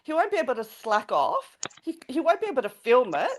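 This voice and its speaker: An Australian woman in casual stream chat, teasing and giggling between sentences. Her voice sits a little high and swings widely in pitch. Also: wildly swooping pitch, fairly quick, slight background noise. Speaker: regular guest on a live stream.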